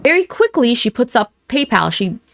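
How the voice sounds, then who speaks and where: A woman's voice: on the high side, big pitch swings, moderate pace, creaky, a bit bright, a little hiss or hum. A woman giving an indignant, blunt reaction commentary.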